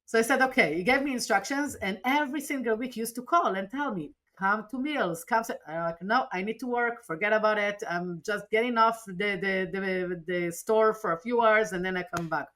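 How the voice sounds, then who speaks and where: A woman recounting a personal story as a podcast interview guest, earnest and animated, often restarting her sentences. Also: mid-range voice, fairly quick, hardly any pauses.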